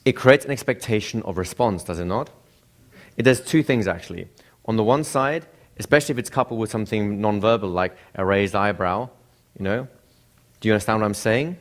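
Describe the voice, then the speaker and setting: An instructor lectures a class, frequently posing rhetorical questions to the room and acting out examples of speech intonation. His voice is on the low side and a little fast.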